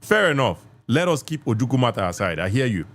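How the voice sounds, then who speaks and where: A man's voice: mid-range voice, big pitch swings, quick pace, fairly bright tone. A man with a Nigerian accent hosting a live call-in podcast debate, assertive and lecturing, repeating himself for emphasis. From southeast Nigeria. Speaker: podcast host.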